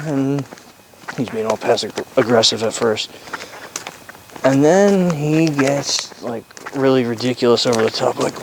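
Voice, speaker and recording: A man's voice: mid-range voice, unhurried, gravelly, noisy background. A man in his thirties talking in a sarcastic, profane, ranting way in a casual vlog.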